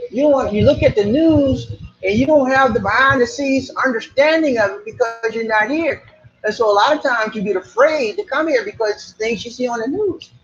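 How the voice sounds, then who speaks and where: A man's voice: sits high, a bit bright, lo-fi sound. A man from Charleston with a Geechee accent, hosting a casual live stream and talking straight to his viewers. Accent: Gullah Geechee, Charleston. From Charleston, South Carolina. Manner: chatty, repeats himself, talks to viewers directly. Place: Philippines, Cebu area.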